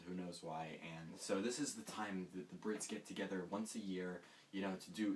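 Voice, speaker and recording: A man hosting a comedic monologue, rambling and mocking himself with sarcastic asides. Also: deep voice. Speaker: host. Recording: distant mic with faint hiss.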